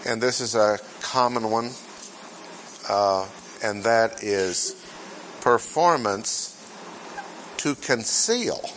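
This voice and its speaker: A man teaching scripture in a sermon, speaking deliberately, repeating key phrases and putting rhetorical questions to his listeners. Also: lowish voice, a bit bright, a little hiss or hum. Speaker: pastor teaching a Bible class. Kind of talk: sermon-style Bible teaching.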